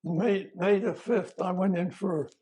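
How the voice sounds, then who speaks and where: Older veteran man, husky, plain-spoken oral history, halting delivery. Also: sits high, mellow. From United States. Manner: plain-spoken, halting, with fillers and self-corrections. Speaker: retired army veteran.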